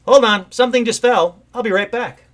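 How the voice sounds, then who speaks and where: A man hosting a casual call-in livestream from home, rambling and excitable with sudden outbursts. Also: very high-pitched, a little fast. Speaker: host of a call-in livestream show. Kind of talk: casual live-stream chat.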